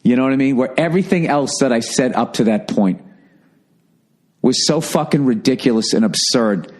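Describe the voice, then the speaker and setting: A man's voice: mid-range voice, moderate pace, a little mellow. A middle-aged man, a comedian, ranting heatedly and profanely in a sarcastic monologue.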